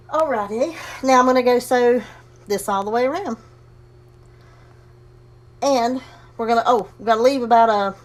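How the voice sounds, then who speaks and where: A woman casually demonstrating a sewing project, chatty and folksy, talking herself through each step and breathing a little heavily. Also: fairly high pitch. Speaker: crafting tutorial host.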